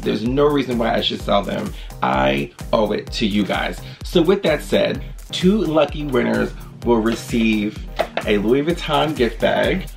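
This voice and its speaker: Chatty man with a gravelly voice. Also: mid-range voice. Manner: chatty, animated storytelling with acted-out quotes. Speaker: vlogger. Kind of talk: casual storytime vlog.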